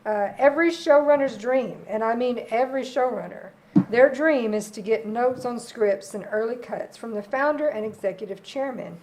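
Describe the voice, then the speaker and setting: A woman's voice: fairly high pitch, moderate pace, noisy background. Woman co-host reading a news item. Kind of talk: reading aloud in a casual chat.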